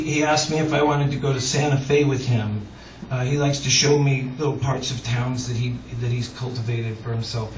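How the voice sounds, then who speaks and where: A man, a singer-songwriter, telling a long, rambling, self-mocking story to a live audience, chuckling as he goes. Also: mid-range voice. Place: live music club on stage. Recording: roomy, dull, distant audience recording. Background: audience laughter and crowd noise.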